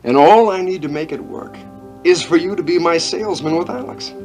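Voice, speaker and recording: Persuasive scheming boyfriend in an 80s soap, played by an actor. Light, raised voice. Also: male voice, a little high, fairly quick, a little mellow, soft background music, close to an everyday voice. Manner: coaxing, persuasive. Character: smooth-talking scheming boyfriend, Clipper. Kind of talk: 1980s TV soap opera acting.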